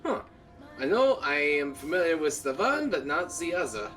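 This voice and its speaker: A man's voice: a little high, very animated, normal speed, a bit bright, distant mic, faint music behind. A man putting on a playful German accent, greeting people stiffly and formally. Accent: put-on German.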